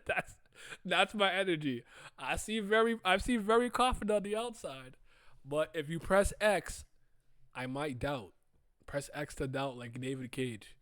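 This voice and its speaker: A man hosting a casual manga reading reaction, excitable, laughing often and breaking into loud trash talk. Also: fairly high pitch, moderate pace, no echo, clean studio sound.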